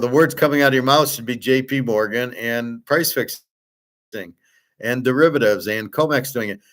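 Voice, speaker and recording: A man's voice: mid-range voice, fairly bright tone. A man hosting his own show, talking alone in a blunt, rambling rant, swearing and mocking others. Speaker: host. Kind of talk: opinionated monologue.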